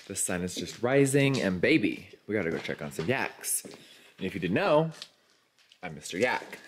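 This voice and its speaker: At dawn in a ranch pasture, a man vlogs on a handheld camera whose mic picks up slight background noise. His voice is low-pitched and very animated at normal speed, and his casual, frank narration includes some swearing.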